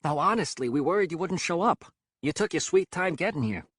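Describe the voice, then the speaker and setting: A man voicing a brisk, practical young woman leading a rebel band, in a raised pitch. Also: lively intonation, fairly bright tone, no room sound, clean studio sound. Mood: teasing.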